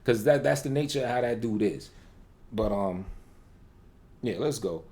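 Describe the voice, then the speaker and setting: A man hosting his channel, answering a clip in relaxed, conversational and dismissive commentary. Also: mid-range voice, a little slow, a little hiss or hum. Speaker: channel host replying to a clip. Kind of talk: casual reaction commentary.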